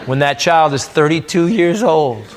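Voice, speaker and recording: Onstage at a comedy club, a middle-aged man from the US rants brashly through crude punchlines, speaking animatedly and a little slowly in a fairly high voice. Loud crowd laughter fills the live recording.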